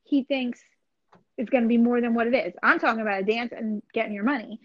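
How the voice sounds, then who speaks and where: This fast-talking woman has a fairly high voice, recorded with no echo and the highs cut off. A guest in a casual call, she bluntly tells stories, leaning heavily on "like" and "you know what I mean."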